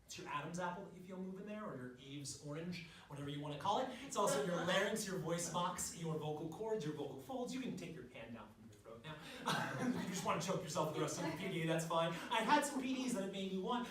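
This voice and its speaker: A man presenting a live workshop for music teachers, leading the room through exercises in a lively, demonstrative way. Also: fast talker, hardly any pauses, crowd noise. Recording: echoey room from far off, clear noise and low rumble.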